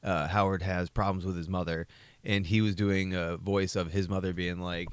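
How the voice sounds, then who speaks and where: A man's voice: deep voice, little pitch movement, normal speed, smooth, dry recording. A man co-hosting a comedy podcast, telling a story in a rambling, profane, self-mocking way. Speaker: podcast co-host.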